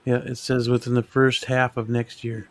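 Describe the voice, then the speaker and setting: A man giving his honest take in a relaxed, easygoing chat with friends. His mid-pitched voice has a gravelly, fry-heavy edge. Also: moderate pace. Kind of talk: casual group chat about collectibles.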